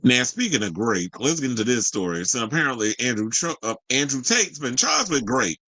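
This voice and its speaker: A man talks through celebrity headlines in a casual, joking way and drops into sarcastic side comments. His voice sounds slightly husky. It is recorded dry and close to the mic. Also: medium pitch, sing-song, brisk, pushed and bright, no room sound, rough recording. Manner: loose, joking, sarcastic, colloquial. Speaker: host of a celebrity news show. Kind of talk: casual commentary, reading news with asides.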